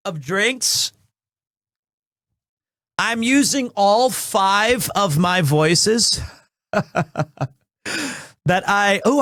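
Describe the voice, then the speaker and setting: A man's voice: high voice, a bit bright, dry recording, clean studio sound. A young man streaming a game, chatting casually and rambling with lots of restarts. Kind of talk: casual live-stream chat.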